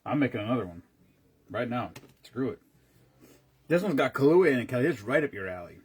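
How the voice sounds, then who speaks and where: A man's voice: mid-range voice, very animated, fairly quick, a little mellow, slightly rough. A man casually chatting on a live stream, rambling between stories and greeting viewers by name as he mixes drinks.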